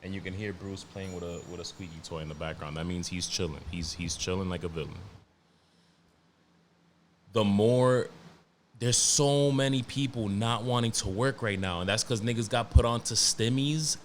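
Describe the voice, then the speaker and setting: A man's voice: mid-range voice, a little hiss or hum. A man hosting a solo podcast, ranting in a casual, profane and emphatic way, often repeating himself and restarting sentences. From New York. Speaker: podcast host.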